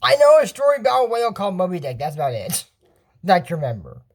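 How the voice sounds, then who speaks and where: Rambling, lively-voiced cartoon episode recapper. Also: mid-range voice, fast. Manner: rambling, chatty, often laughing and trailing off. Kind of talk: casual episode recap and commentary.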